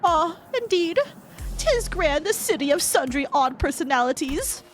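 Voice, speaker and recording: A woman's voice: sits high, expressive, a little slow, faint music behind. A woman voicing a gallant knight who speaks in flowery old-fashioned English. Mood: grandiose. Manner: archaic, flowery.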